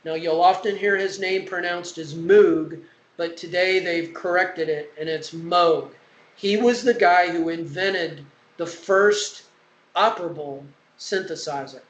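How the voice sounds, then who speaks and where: A man's voice: sits high, measured pace, fairly bright tone, echoey room, low-quality recording. A man giving a university music lecture in a conversational, digressive way, with frequent fillers. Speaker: music professor. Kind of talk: classroom lecture. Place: classroom.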